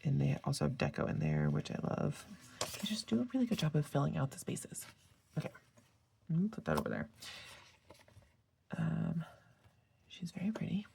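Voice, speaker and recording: Chatty woman vlogger, tired, very low and gravelly, rambling and casual. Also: warm tone, slight background noise. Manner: chatty, rambling with tangents and fillers. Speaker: planner sticker vlogger. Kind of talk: casual chat.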